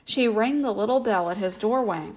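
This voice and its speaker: Storyteller: a woman with a gentle, even bedtime reading voice. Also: mid-range voice, moderate pace, poor audio.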